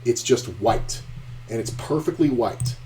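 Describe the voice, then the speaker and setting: A man's voice: medium pitch, measured pace, a little hiss or hum. A man streaming online poker, chatting casually, telling a story and cursing at opponents on screen. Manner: profane, animated storyteller, trash-talking at the screen.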